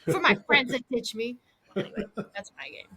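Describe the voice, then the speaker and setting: A woman co-hosting a casual chat podcast, telling stories in an animated, self-mocking way. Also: fairly high pitch, fairly quick. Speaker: podcast co-host.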